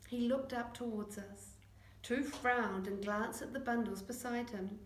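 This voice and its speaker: A woman narrating a children's chapter book, acting out the dialogue in lively voices. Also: fairly high pitch, measured pace, slight background noise. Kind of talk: audiobook reading. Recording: echoey room.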